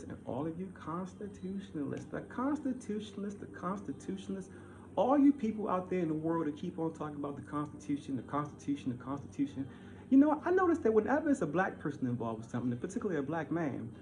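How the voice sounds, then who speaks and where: A man delivering a heated, repetitive monologue, swinging from loud outbursts to low mutters. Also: very animated, fast talker, slight background noise. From Baltimore. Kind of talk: ranting monologue.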